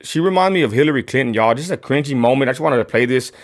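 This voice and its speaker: A man from West Texas hosting a live political chat stream, talking in a casual, slangy, excitable way. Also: mid-range voice, racing. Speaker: show host.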